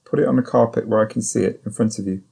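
A man's voice: fairly low pitch, fairly even intonation, rapid-fire, creaky, warm tone, husky, heavily acted. A man voicing a vengeful male bodyguard who gives short, curt orders. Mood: curt commanding.

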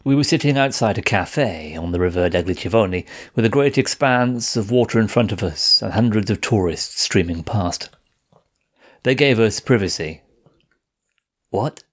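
A man narrating a first-person audiobook in a measured, steady reading voice. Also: lowish voice.

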